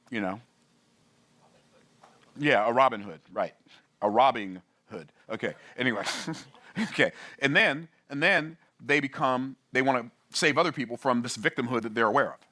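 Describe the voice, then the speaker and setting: A man teaching in a sermon style, animated and playful, asking his audience rhetorical questions. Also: medium pitch. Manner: animated, playful, acts out voices and laughs at his own jokes. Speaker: business teacher.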